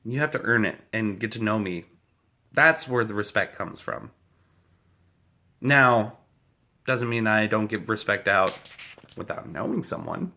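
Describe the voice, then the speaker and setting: A man vents straight into the camera in an angry, swearing rant, pushing hard against his critics. His voice is bright and forceful, with a tense edge that never relaxes. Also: fairly low pitch, lively intonation, a little slow, pauses often. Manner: profane, heated, combative. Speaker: vlogger.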